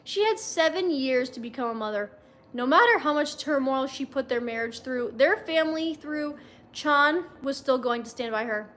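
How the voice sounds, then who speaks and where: A woman's voice: high-pitched, expressive, moderate pace, fairly bright tone. A young woman on a livestream reading fanfiction aloud, breaking off for wry, chatty comments to her viewers. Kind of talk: casual read-aloud with chat asides.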